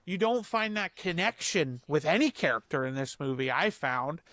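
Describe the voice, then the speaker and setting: A man's voice: fairly high pitch, lively intonation, moderate pace, a loud crowd. A man co-hosting a film podcast, talking casually and animatedly, swearing now and then and filling his speech with "like". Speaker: podcast co-host. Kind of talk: casual film review chat.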